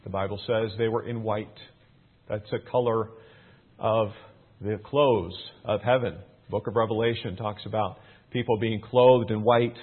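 A man preaching a sermon in a measured way, repeating key phrases for emphasis. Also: lowish voice, fairly even intonation. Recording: phone-like narrow band.

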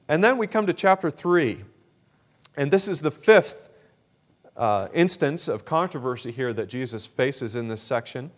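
A man preaching a sermon, speaking in a measured way with frequent fillers and throat clearing. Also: mid-range voice, animated.

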